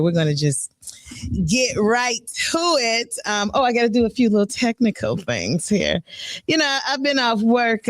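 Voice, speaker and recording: A woman's voice: mid-range voice, dry recording, clean studio sound. A woman hosting a live radio talk show, chatty and playful, with a bubbly, upbeat way of talking. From Chicago. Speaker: radio host.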